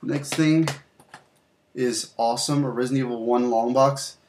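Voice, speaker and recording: A man's voice: medium pitch, fairly even intonation, normal speed, a little mellow. Young guy rambling casually about his game stash, mid voice, swears a bit. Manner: loose, rambling, with fillers and mild swearing. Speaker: channel host. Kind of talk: casual game collection show-and-tell.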